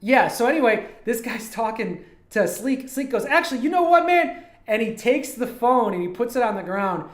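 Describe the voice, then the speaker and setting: A man's voice: high voice, moderate pace, few pauses. A man from Toledo, Ohio, chatting casually on his livestream as a streamer and animator, drifting from one story to the next. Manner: rambling, digressive storytelling. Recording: roomy echo.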